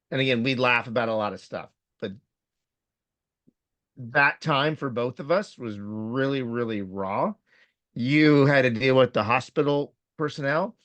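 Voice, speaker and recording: A man's voice: mid-range voice, fairly bright tone, no echo. A man co-hosting a podcast, talking plainly and reflectively about a painful loss, saying he is in tears. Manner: plain, reflective, speaks of crying. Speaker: podcast co-host. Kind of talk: casual emotional chat.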